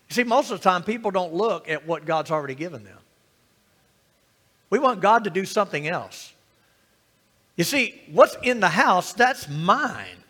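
Animated high-pitched preacher man. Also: moderate pace, in a large hall. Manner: animated preaching with rhetorical questions and calls for amen. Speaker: pastor. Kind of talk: sermon.

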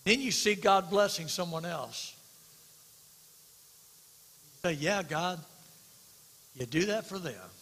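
A man preaching from the pulpit, his voice pitched high and bright. He drops to near-hushed, slow phrases and then rises into loud, emphatic declarations. The sound carries a long reverb from a large church sanctuary. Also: lively intonation. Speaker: pastor. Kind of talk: sermon.

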